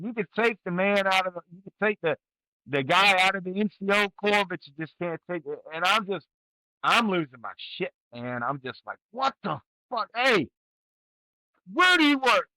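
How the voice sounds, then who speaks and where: A man in his forties, a retired Army sergeant, talks bluntly and profanely as he tells stories from his service. His voice sits a little high and sounds sharp and bright. The recording is close and dry, with no room sound. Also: a little fast, dry recording, rough recording. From United States. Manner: blunt, profane, storytelling with animated quoted outbursts. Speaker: guest, retired Army sergeant first class. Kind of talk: candid casual interview.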